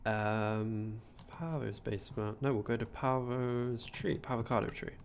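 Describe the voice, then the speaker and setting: A man's voice: mid-range voice, fairly even intonation, unhurried, gravelly, slight background noise. A man with a posh English accent, chatting casually on a gameplay livestream, rambling and reading out chat as he builds. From England.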